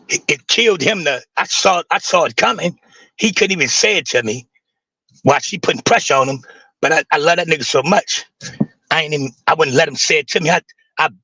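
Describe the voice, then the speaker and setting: A man hosting a livestream, telling an emotional personal story in heavy street slang, halting and repeating himself as he grieves. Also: a little high, sharp tone, breathy edge, dry recording, rough recording. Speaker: livestream host.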